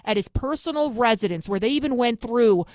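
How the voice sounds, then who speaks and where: A woman's voice: a little high, lively intonation, a little mellow, no echo, clean studio sound. A middle-aged woman with a New York accent, delivering a fiery, sarcastic political monologue as host. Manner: fiery, sarcastic, rapid-fire.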